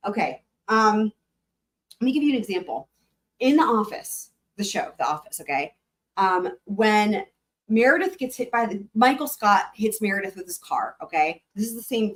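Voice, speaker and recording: Brief: woman streamer, mid pitch, loose rambling commentary full of "like" and "right?", addressing chat. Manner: rambling, frequent fillers, talks to chat. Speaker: livestream host. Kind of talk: casual live commentary.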